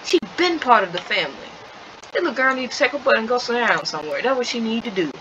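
A woman giving chatty, playful gameplay commentary in casual slang, on a slightly dull recording with steady noise behind. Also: on the high side, fast talker. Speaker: gaming video creator.

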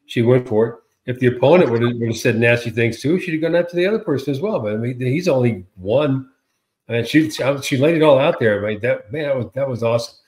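A man co-hosts a casual political talk show in an animated, sarcastic manner. He piles up repeated words and slips into mocking quotes. His voice sits at an ordinary middle pitch. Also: brisk. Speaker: co-host.

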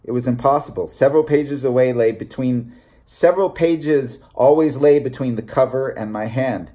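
A man reading a short story aloud in a measured, deliberate narration. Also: mid-range voice, warm tone. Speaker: audiobook reader. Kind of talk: scripted narration.

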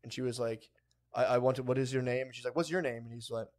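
A man's voice: mid-range voice, completely flat delivery, fast talker, a little mellow. A young man co-hosting a casual podcast chat, telling profane stories and acting out what people said, laughing as he goes. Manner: profane, laughing storyteller who acts out quoted voices. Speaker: podcast co-host.

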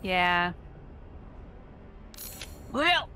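A woman's voice: fairly low pitch, very animated, very slow, pushed and bright, slight background noise. A young woman co-hosting a let's-play, bantering and teasing her dad in casual chat. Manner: playful, teasing. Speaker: co-host of a gaming channel.

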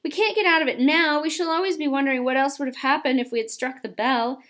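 A woman reading aloud, voicing a curious, stubborn young boy in a storybook with an excited, insistent delivery. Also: high-pitched, fast, voice pushed up.

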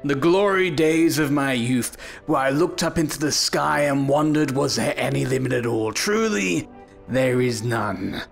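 Gravelly man, mock-dramatic gamer. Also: normal speed, faint music behind. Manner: mock-dramatic, theatrical scolding with sudden pitch swings. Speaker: gaming YouTuber. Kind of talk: comedic VR gameplay commentary.

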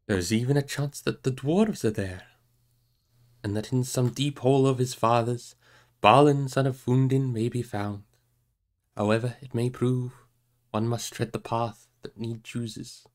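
A man reading aloud voices an old male wizard, solemn and commanding, in measured tones. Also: medium pitch, steady tone, darkish tone, natural voice. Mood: grave. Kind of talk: audiobook reading.

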